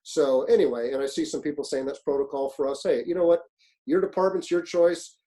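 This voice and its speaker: In a rough recording of his own webinar, a middle-aged man talks about fire service leadership, his voice on the high side and a little fast. His stories come out animated, blunt and profane, with what people said acted out.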